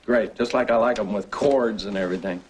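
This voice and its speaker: A man's voice: on the low side, background noise, lightly acted. An actor playing a playful, teasing husband and father in a soap opera, talking with affection. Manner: teasing and affectionate, drawn-out jokes.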